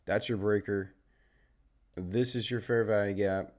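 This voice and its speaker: Deep-voiced Southern Texan man. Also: steady tone, measured pace, darkish tone. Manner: easygoing, chatty, greets viewers and explains charts. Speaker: trading livestream host. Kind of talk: casual live trading commentary.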